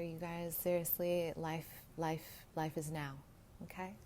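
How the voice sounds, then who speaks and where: Telling her viewers a meandering personal story, this vlogger laughs frequently and sometimes slips into a whisper. She speaks at a measured pace in a lowish, dark voice with little pitch movement, and faint background noise is audible.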